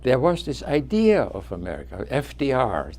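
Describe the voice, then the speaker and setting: A man in his nineties with a foreign accent whose first language is not English, telling students about his life in a halting way, with frequent restarts. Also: mid-range voice, wildly swooping pitch, darkish tone. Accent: foreign accent, origin not named. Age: 90s. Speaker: guest speaker.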